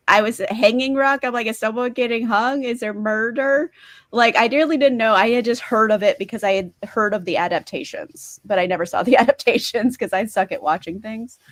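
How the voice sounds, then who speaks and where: A woman's voice: fairly low pitch, no echo. A woman in a casual book club call over video, speaking in a candid, self-deprecating way.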